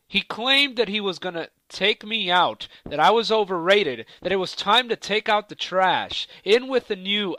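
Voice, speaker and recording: A cocky man trash-talking his rivals in a wrestling promo, taunting and profane. His voice sits a bit high and pushes out hard and forceful. The recording is dry and close, with no room sound. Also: dry recording.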